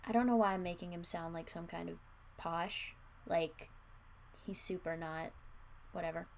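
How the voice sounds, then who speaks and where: A woman's voice: on the low side, steady tone, normal speed, gravelly, a little hiss or hum. A young adult woman reading her own old story aloud, breaking off for wry, self-mocking comments. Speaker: streamer. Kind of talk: reading aloud with casual asides.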